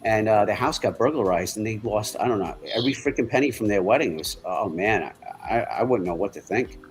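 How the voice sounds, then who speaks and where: A middle-aged man, telling stories in a halting, rambling way in casual chat. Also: fairly low pitch, rough recording. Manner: rambling, halting storyteller with many restarts. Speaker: livestream co-host.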